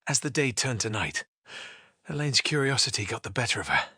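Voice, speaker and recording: A man narrating a fan fiction story with an expressive, lively reading. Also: medium pitch, fairly quick, husky, dry recording, clean studio sound.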